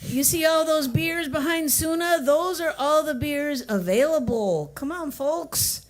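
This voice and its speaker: High-voiced woman emceeing an open mic. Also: unhurried. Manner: teasing, joking with the crowd. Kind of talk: emceeing a live event. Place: coffee shop open mic.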